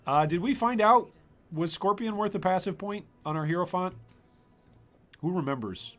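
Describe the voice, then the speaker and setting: A gaming streamer with a high, fairly bright voice and lively intonation chats playfully with his viewers at normal speed while he plays, joking with chat in casual gameplay commentary. Faint music sits in the background.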